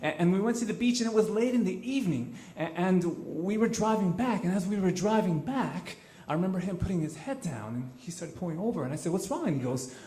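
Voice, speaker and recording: Earnest male storyteller on stage, higher-pitched, roomy live room sound. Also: animated, fast, few pauses, mellow. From Los Angeles. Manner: earnest and conversational, with frequent repeated starts.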